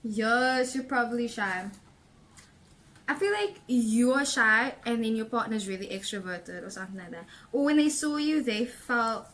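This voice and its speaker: A woman's voice: a little high, lively intonation, normal speed, fairly bright tone. A young woman giving a casual tarot reading, chatty and rambling with lots of fillers, a little out of breath. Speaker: tarot reader and vlogger.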